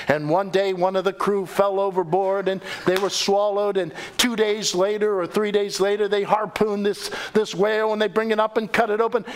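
A male pastor preaching a sermon, telling the story with animated delivery and acting out the quoted voices. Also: high voice.

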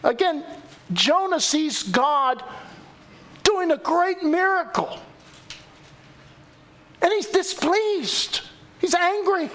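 A male pastor preaching a sermon, telling the story with animated delivery and acting out the quoted voices. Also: very high voice, drawn-out words, long pauses.

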